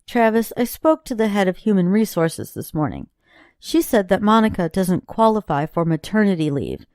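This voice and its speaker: A woman voicing a calm, apologetic office manager in an audiobook, measured and polite. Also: medium pitch, dry recording, clean studio sound.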